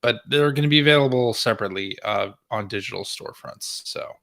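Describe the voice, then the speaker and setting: A man co-hosting a podcast in casual chat, relaxed and laughing as he talks. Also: mid-range voice, fast talker, creaky. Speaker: podcast co-host.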